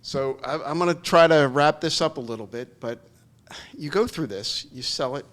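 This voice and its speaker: Man hosting, slightly higher-pitched questions. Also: moderate pace, a bit bright. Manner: brief prompting questions and affirmations. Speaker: podcast host. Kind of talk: interview questions.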